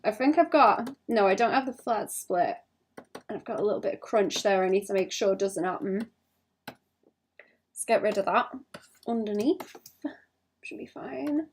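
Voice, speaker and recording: Young woman artist live-streaming, mid-pitched, a touch of vocal fry, rambling self-talk as she works. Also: lively intonation, a little slow, long pauses, a little hiss or hum. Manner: thinks out loud, rambling and self-conscious. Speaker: illustrator streaming her drawing. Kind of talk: casual livestream chat while drawing.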